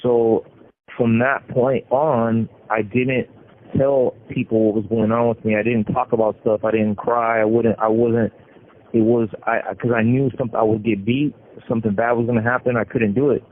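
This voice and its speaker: A middle-aged man from California, an inmate, tells his life story over a prison phone call, halting and restarting his sentences often. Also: mid-range voice, flat delivery. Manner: halting, with frequent restarts and repeated words. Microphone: prison telephone. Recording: tinny phone line with faint hiss.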